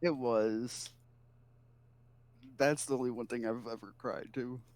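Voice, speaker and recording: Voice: mid-range voice, steady tone, unhurried, a little mellow. A young podcast co-host chatting casually, asking questions and laughing often. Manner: laid-back, asks questions, laughs often. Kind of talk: casual chat.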